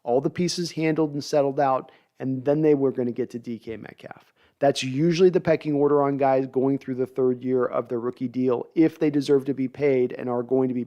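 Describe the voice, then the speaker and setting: A man's voice: medium pitch, warm tone, lo-fi sound. Chatty man breaking down football. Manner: conversational, analytical, thinks aloud with restarts. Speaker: podcast host. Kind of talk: live-stream sports talk, reading chat.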